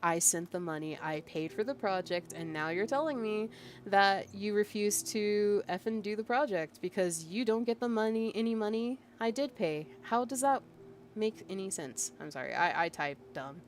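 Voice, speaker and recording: A woman's voice: mid-range voice, normal speed, a little hiss or hum. A woman streaming as a VTuber, casually venting as she reads out a chat log, exasperated and emphatic with lots of fillers. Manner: exasperated and emphatic, with frequent fillers and bursts of laughter.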